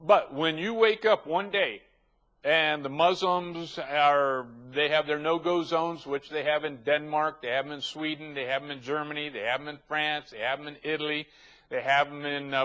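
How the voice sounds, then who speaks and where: A man's voice: on the high side, fairly bright tone, lo-fi sound. Emphatic ranting male show host. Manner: emphatic, ranting, stacks long lists. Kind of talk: opinionated show commentary.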